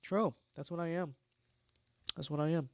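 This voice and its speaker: A man's voice: on the high side, flat delivery, moderate pace, smooth, dry recording, studio quality. A young man from Los Angeles hosting a casual livestream, reading chat messages aloud and answering them in a wry, sarcastic, mock-boastful way. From Los Angeles, United States.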